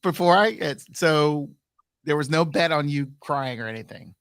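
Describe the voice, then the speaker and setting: A man's voice: on the high side, lively intonation, moderate pace, fairly bright tone, clear, resonant tone, dry recording, studio quality. Laid-back radio host man. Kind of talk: casual chat.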